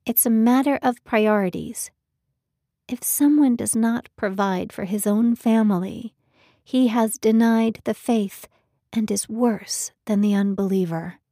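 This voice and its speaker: A woman's voice: on the high side, unhurried, dark tone, no room sound, clean studio sound. A woman voicing a young woman who speaks steadily and resolutely, in an audiobook. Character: resolute young woman, torn and soft-spoken.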